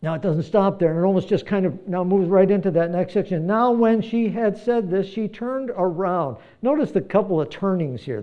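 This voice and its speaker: Male pastor with a warm, mellow tone and a conversational, reflective sermon delivery. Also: sits high. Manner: conversational, reflective, thinking aloud with restarts.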